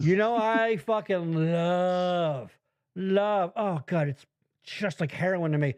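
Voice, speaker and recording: A middle-aged man hosting a podcast, talking in loud, profane, teasing banter. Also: slow pace, clean tone. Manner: loud, swearing, teasing, jumps into high mock voices. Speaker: podcast host.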